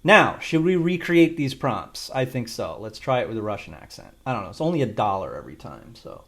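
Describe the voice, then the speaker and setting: Very animated and brisk, a mid-range male voice narrates a screen-recorded tutorial for an AI video tool. The creator rambles, thinks out loud and drops casual swear words.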